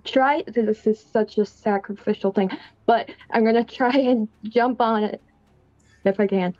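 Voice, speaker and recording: A woman's voice: fairly high pitch, steady tone, a little slow, a little mellow, no room sound, muffled recording. A woman playing in a tabletop game, casual, giggly and a little hesitant. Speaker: player.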